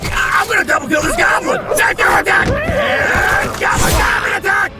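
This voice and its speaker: A man as a goblin-obsessed warrior who swings from flat to bellowing. The voice goes very high and wildly up and down, and it rasps with gravel. He is a comedy anime figure. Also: normal speed, raised voice, loud music behind the voice, over a noisy crowd, exaggerated voice. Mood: manic. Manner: bellowing, manic and deadpan by turns. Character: blunt armored goblin-obsessed male warrior. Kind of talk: fan-made abridged anime comedy dub.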